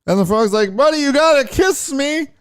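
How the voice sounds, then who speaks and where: A man voicing a pushy, clueless young male heckler in a high, whiny, insistent voice. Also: expressive, moderate pace.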